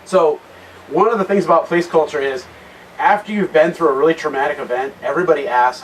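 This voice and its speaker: A man giving a conversational talk at a men's retreat, retelling a Bible story with many restarted phrases and a quieter voice for serious points. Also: fairly high pitch, fast talker. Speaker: guest speaker at a men's retreat. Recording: distant mic with loud background noise.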